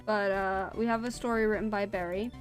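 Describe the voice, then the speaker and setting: A woman's voice: mid-range voice, fairly even intonation, brisk. Female streamer, storytelling read with a chatty, self-conscious manner; faint music under her. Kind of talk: reading a spooky story aloud.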